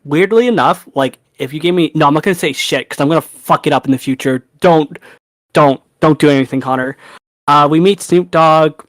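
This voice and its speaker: A young man co-hosting a podcast in casual chat, animated, laughing and swearing freely. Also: on the high side, a little fast, dry recording. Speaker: podcast co-host.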